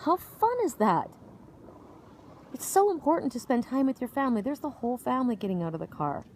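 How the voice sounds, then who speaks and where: A woman's voice: fairly high pitch, sing-song, brisk, darkish tone, a little hiss or hum. Woman, middle-aged, tearful, rambling outdoor vlog, emotional, restarts a lot. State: choked up, tearful. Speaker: spiritual oracle vlogger. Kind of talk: casual outdoor vlog monologue. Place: outdoors sitting on a woodchip pile by a park.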